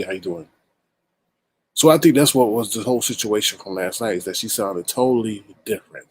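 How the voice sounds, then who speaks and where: A man's voice: on the low side, no echo. A man hosting a casual livestream commentary, chatty and greeting viewers by name as he talks. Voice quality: husky. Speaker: livestream host.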